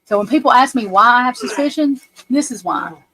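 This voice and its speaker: On a casual livestream, a woman host rants bluntly about a court case, swearing freely. Her voice is a little high and sharp in tone, and she speaks fairly quickly. The recording quality is rough.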